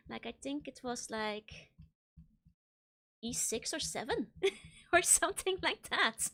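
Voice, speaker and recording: Young girl streaming, kinda high voice, giggles a lot, trips over her words, faint music behind. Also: fairly bright tone. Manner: giggly, laughs often between phrases; stammering restarts. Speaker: VTuber streamer. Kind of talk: casual chat with live chat.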